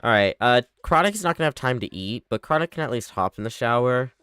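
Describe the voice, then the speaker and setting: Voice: medium pitch, lively intonation, fast talker, a bit bright, smooth, dry recording. Streamer rambling through a life sim live, bossy and chatty, voice jumps up and down a lot. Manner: chatty, bossing game characters around. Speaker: livestreamer. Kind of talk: casual live gameplay commentary.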